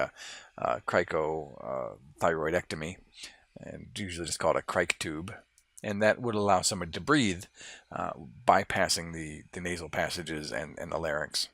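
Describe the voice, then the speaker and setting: A man teaching anatomy, walking through lab models in a relaxed, explanatory way with fillers and restarts. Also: low-pitched, creaky, no echo. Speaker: anatomy instructor. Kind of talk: lab model walkthrough lecture.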